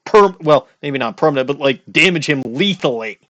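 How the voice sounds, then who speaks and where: This let's play host, a Midwestern American man, offers joking, rambling gameplay commentary on a courtroom game, interrupting himself along the way. His mid-range voice is a bit bright with lively intonation and a slightly fast pace. No room sound is audible.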